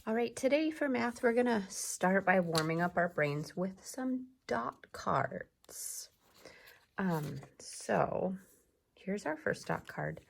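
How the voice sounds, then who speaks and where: A woman teacher giving a recorded lesson to young children, patient and encouraging, repeating each word slowly so they can clap along. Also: medium pitch, vocal fry, a little hiss or hum. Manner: slow, patient, encouraging, repeats words for clapping.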